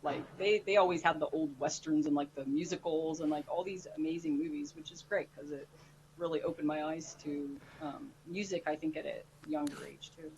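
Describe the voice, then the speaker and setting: Woman, giggly, chatty, filler-heavy, lowish voice, faint hiss behind. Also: steady tone, fairly quick, a little mellow, highs cut off. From United States. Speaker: guest singer. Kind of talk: casual chat on a live stream.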